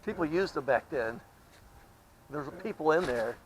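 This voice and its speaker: Laid-back guy, voice a bit high, chatting on the street with faint noise around. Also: expressive, moderate pace, rough recording. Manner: easygoing, mostly short agreeing replies. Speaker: YouTuber host chatting with a homeless man. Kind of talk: casual chat. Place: outdoors on a street.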